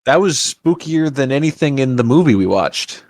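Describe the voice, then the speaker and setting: A man's voice: medium pitch, lively intonation, normal speed, darkish tone. A man co-hosting a podcast, chatting casually with a blunt, teasing manner. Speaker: podcast co-host. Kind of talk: casual chat.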